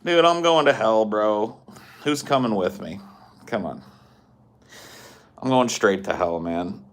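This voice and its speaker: A man's voice: lowish voice, slow pace. A man hosting a podcast, ranting in a profane, exasperated, slangy way. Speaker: podcast host. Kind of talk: casual podcast rant.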